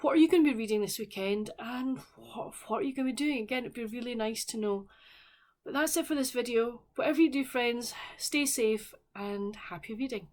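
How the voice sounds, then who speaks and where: A woman's voice: a little high, a little fast, darkish tone. A woman chatting casually as a book vlogger, rambling with friendly asides to her viewers. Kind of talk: casual vlog chat.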